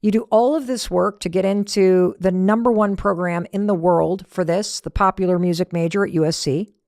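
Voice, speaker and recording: A woman's voice: on the low side, fairly even intonation, normal speed, a little mellow, dry recording, clean studio sound. A middle-aged woman hosting a motivational podcast, talking in a conversational way and acting out the lines she quotes. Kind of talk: motivational talk.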